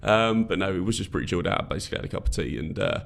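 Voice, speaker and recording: A man co-hosts a fitness podcast in casual chat. His voice sits low with a gravelly edge, and he rambles through stories with plenty of restarts and fillers. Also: very fast, fairly bright tone, a little hiss or hum. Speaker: podcast co-host.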